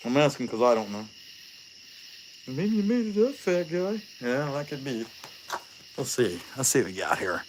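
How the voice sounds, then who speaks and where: Lively joking man. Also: on the high side, normal speed. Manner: rambling, joking, many fillers, lively storytelling. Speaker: chainsaw carver and livestream host. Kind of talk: casual livestream chat while working.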